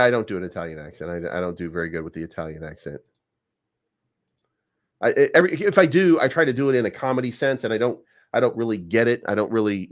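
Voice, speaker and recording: A man's voice: medium pitch, dry recording, muffled recording. A man hosting a crypto channel, talking casually through price charts, rambling with lots of fillers, repeated words and casual swearing.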